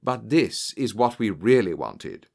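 A man puts on a cool, clipped detective with a curt, measured way of speaking. It is a storybook voice, calm and unhurried. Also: lowish voice, vocal fry, full character voice.

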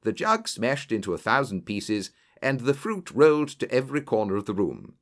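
Man reading a story with lively pitch. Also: moderate pace. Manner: lively storytelling with varied character voices. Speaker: audiobook narrator. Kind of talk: scripted narration.

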